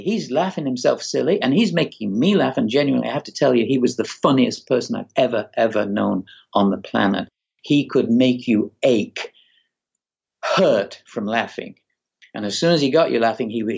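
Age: older. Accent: Manchester. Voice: gravelly and husky. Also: male voice, mid-range voice. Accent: Manchester English. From England, Manchester. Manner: animated, laughing, acts out voices. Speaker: guest musician. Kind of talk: storytelling in a podcast interview. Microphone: video call. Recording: dull lo-fi Skype call.

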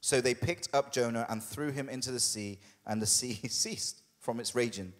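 A man preaching a sermon as a pastor, conversational and humorous, putting on quick voices for the people in his story. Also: medium pitch, big-room sound. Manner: conversational and humorous, with quoted asides. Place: church hall.

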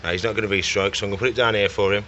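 A young man talks his way through feeding reptiles in a loose, chatty vlog manner. He coaxes and scolds the animals playfully, with a bright, forceful tone. Faint noise sits behind him. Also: fairly low pitch, fairly even intonation, very fast, lo-fi sound. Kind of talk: casual vlog narration while working.

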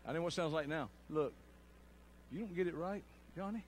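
A middle-aged man, preaching a sermon with storytelling and loud bursts. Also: fairly high pitch, fairly quick, a little hiss or hum.

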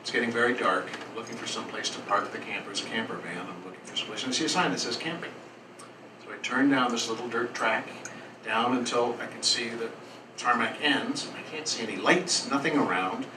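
A man's voice: mid-range voice, a little fast, echoey room. Man, storyteller, live in a café, earnest, rambling, far from the mic, noisy room. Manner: rambling, earnest, with small restarts.

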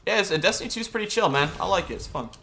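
A man's voice: sits high, expressive, very fast, pushed and bright. A young man streaming a video game, chatting casually and greeting viewers and answering chat as he plays.

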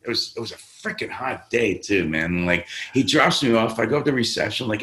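A streetwise Bronx drummer, swearing freely and slipping into the voices of the people in his stories. His voice is bright and forceful. The room around him is roomy and echoing. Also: lowish voice, animated, brisk, hardly any pauses. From New York, the Bronx. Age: 50s. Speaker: guest drummer. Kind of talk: casual storytelling interview.

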